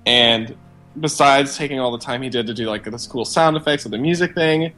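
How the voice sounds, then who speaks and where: A man's voice: medium pitch, fairly quick, bright, forceful tone, faint music behind. A man co-hosting a podcast, talking in a rambling, enthusiastic way with many fillers. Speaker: podcast co-host. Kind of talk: casual chat.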